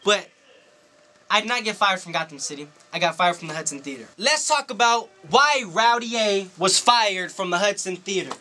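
A man who works as a DJ and promoter, telling a story to camera in a casual, animated and profane way, full of slang. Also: high-pitched, normal speed, slight background noise. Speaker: DJ and club promoter.

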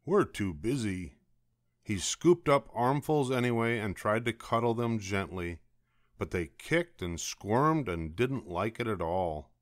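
Older man, grandfatherly storybook reader, low voice with lots of lilt, dry close sound. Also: dry recording. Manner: slow, expressive read-aloud. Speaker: children's book reader. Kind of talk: bedtime story reading.

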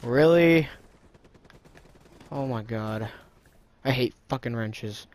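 Swearing, excitable young male gamer. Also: mid-range voice, slow pace. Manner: frustrated, swearing, excitable outbursts. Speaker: gaming video creator. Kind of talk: live gameplay commentary.

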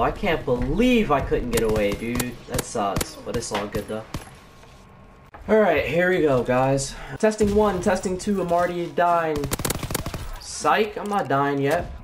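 A man hosting his gaming channel, commenting live on his shooter match in an excitable, slangy way. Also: medium pitch, measured pace, noisy background. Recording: game gunfire behind voice. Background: gunfire and game sounds.

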